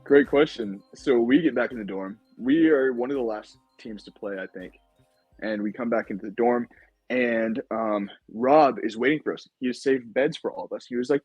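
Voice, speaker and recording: A young man with a husky, breathy voice, chatting as a podcast guest. He tells his story with lively energy, leans on "like" and "dude", and jumps into high-pitched voices to act out what others said. Faint music plays behind him. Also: moderate pace, no echo, dull audio. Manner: animated storytelling, acts out quotes in high voices; says "like" and "dude" a lot. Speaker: podcast guest, former contestant. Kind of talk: casual podcast interview.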